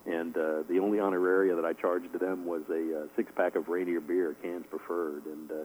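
He's a middle-aged author guest on the radio, speaking briskly in a low, darkish voice with little pitch movement. His casual answers wander, thick with fillers and frequent chuckles, over a low-quality recording.

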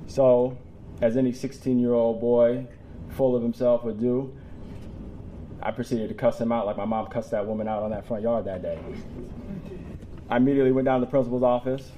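A man's voice: medium pitch, fairly even intonation, a little fast, long pauses, warm tone, slight background noise. Emotional man telling a personal story. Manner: emotional, tearing up, laughing between lines. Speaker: public speaker. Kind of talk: personal talk to a live audience. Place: room with an audience.

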